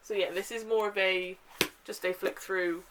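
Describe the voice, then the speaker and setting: A young woman talking casually to her camera at home, chatty and enthusiastic, filling pauses with ums and uhs. Her pitch sits in a middle range. A faint hiss runs under the recording. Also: fairly even intonation. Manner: chatty and gushing, with frequent fillers. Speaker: book vlogger. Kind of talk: casual book haul chat.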